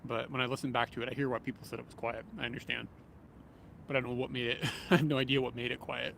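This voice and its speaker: A man's voice: medium pitch, quick pace, gravelly. A man livestreaming while walking outdoors in a city, chatting casually with viewers and chuckling often, recorded on a small camera-mounted mic. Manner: relaxed, rambling, chuckles often. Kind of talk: casual livestream chat, reading viewer comments. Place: outdoors in a city, near train tracks. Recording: outdoor street and train noise. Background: passing vehicles and trains.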